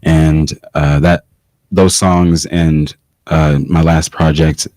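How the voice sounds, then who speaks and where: A man with a low, deep voice speaks as a musician guest in a studio session. He talks reflectively, halting now and then with fillers. The sound is dry and close. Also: flat delivery, darkish tone, no room sound. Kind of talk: casual chat.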